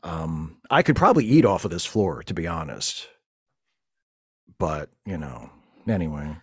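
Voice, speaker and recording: A man's voice: low-pitched, very animated, unhurried, breathy edge, no echo, studio quality, full character voice. Man playing a stammering frazzled space lieutenant. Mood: weary. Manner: rambling, stammering, flustered. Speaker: space-fleet lieutenant recording a podcast. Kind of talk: comedic audio monologue.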